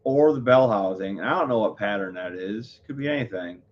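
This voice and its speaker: A man on a live stream, rambling through his thoughts with plenty of fillers and self-corrections. His voice sits on the low side, and the sound is a bit muffled and lo-fi. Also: lively intonation, normal speed. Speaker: livestreamer. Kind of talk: casual live-stream chat.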